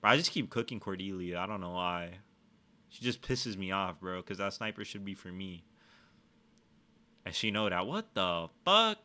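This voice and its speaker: A man giving casual let's-play commentary, swearing a lot and trash-talking with excitable energy. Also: sits low, moderate pace, long pauses. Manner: profane, excitable trash talk. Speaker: gaming streamer.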